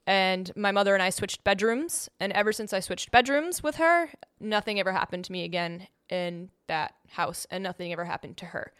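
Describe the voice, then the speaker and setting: A young woman tells a personal story in a smooth, clear voice at an easy middle pitch. She is animated, acting out the voices she quotes and laughing now and then. The sound is close and dry. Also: normal speed, hardly any pauses, no room sound. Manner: laughs while telling. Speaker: guest telling a personal story. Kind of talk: casual storytelling.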